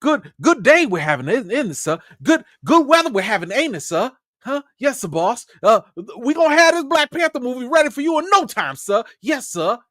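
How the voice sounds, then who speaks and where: Man putting on a super servile sing-song servant voice, high and bowing and scraping. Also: very animated, brisk, few pauses, fairly bright tone, no echo, clean studio sound, heavily acted. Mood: fawning. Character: overly deferential, fawning male servant.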